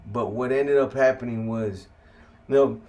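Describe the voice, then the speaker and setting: A man's voice: mid-range voice, fairly even intonation, a little slow, mellow. A man telling his own story to viewers in blunt street slang with heavy swearing.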